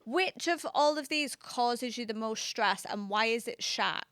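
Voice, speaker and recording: A woman's voice: fairly high pitch, animated, measured pace, a bit bright, clear, resonant tone, dry recording, studio quality. A woman hosting a podcast, asking questions in an easy, encouraging way. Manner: conversational, encouraging, asks questions. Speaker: podcast host. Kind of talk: casual interview.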